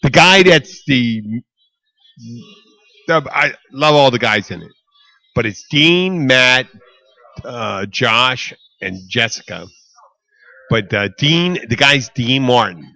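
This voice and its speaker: Animated swearing man, bright voice. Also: medium pitch, gravelly. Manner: animated, swearing, quick to riff. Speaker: podcast co-host. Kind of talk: casual chat.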